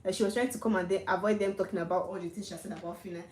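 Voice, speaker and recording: A woman's voice: mid-range voice, steady tone, very fast, darkish tone, roomy sound, distant mic, poor audio. A young Nigerian woman chatting casually and recapping reality show drama in a gossipy, filler-heavy way. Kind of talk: casual commentary.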